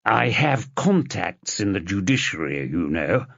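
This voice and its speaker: A man's voice: low-pitched, sing-song, measured pace, a bit bright, dry recording, highs cut off, full character voice. A man voicing an oily, fawning older male judge who talks in a wheedling, ingratiating way.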